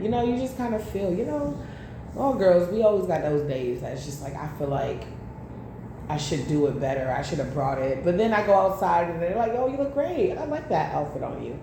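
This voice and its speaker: A woman's voice: lowish voice, lively intonation, fairly quick. A woman giving a casual tarot reading, blunt and profane, drifting into chatty personal stories. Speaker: tarot reader. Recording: very echoey room, faint background noise.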